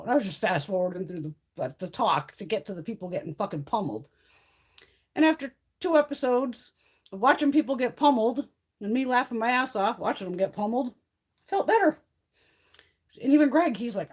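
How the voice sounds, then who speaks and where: Chatting casually with viewers from her home on a mountain, a woman hosts a beauty livestream, blunt, swearing freely and laughing often. Her mid-range voice is sing-song, a little fast and darkish, with a breathy edge.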